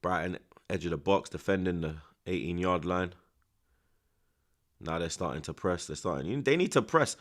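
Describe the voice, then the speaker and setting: Excitable young man, lively. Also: low-pitched, moderate pace. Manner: excitable, heavy street slang, swings from hushed muttering to loud outbursts. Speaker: football watch-along streamer. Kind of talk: live casual match commentary.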